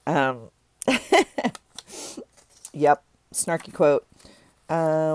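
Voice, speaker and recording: A woman's voice: low-pitched, animated, normal speed, gravelly, darkish tone, no room sound. A woman vlogger chatting casually and rambling as she sorts through journaling supplies at her desk. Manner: rambling, chatty, self-correcting. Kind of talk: casual chat while tidying a desk.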